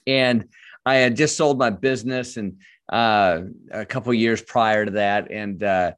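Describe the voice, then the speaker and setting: A man's voice: fairly low pitch, fairly even intonation, unhurried, smooth, dry recording. A man from Texas, a business coach and author chatting as a podcast guest, effusive and full of fillers. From Texas, USA. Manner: effusive, chuckling, many fillers. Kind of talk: casual interview chat.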